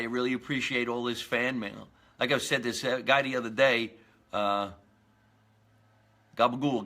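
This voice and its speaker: Bright-voiced comedian in his forties. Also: mid-range voice. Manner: rambling, jokey, with lots of fillers and restarts. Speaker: comedian hosting his own live show. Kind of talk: casual comedy monologue.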